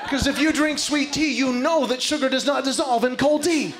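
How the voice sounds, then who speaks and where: High-voiced man doing stand-up live. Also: normal speed. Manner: animated storytelling with acted-out voices. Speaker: stand-up comedian. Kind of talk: stand-up comedy set. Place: stage before a live audience. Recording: live show with loud crowd and noise. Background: audience laughter.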